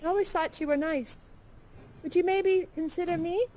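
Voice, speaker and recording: A woman's voice: very high-pitched, fairly even intonation, normal speed, warm tone. A woman voicing a shy young woman confessing a crush. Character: lovestruck young woman Sarah.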